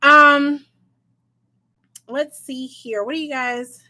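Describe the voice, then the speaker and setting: A woman with a fairly high voice hosts a casual tarot livestream. She chats freely, laughs often and answers her viewers one by one. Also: expressive, normal speed, fairly bright tone.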